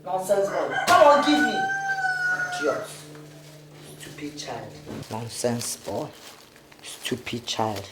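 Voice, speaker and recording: A woman's voice: fairly high pitch, sing-song, heavy background noise. An actress with a Nigerian accent playing a harsh mother who calls her son names. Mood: scolding. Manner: insulting, slow and sing-song. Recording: distant echoey film audio.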